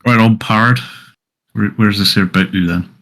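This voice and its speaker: A man's voice: on the low side, unhurried, a bit bright. A man playing a chummy halfling haggler. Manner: chummy bargaining, folksy slang. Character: haggling male halfling adventurer, chummy trader.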